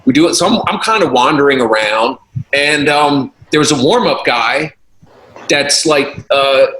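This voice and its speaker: A man's voice: medium pitch, a little slow. A man, a comedian, telling a story in casual chat and acting out the voices of the people in it. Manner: animated, acts out quoted voices, laughs often. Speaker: comedian guest. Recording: roomy echo, faint noise.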